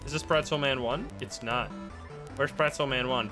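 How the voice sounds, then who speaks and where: A man streaming a video game live, commenting excitably, laughing and swearing as he plays. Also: mid-range voice, moderate pace. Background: game music.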